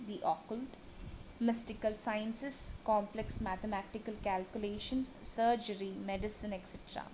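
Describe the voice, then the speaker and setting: A woman teaching a lesson over slides, reading long lists in a steady, even delivery. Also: mid-range voice, a little hiss or hum, rough recording.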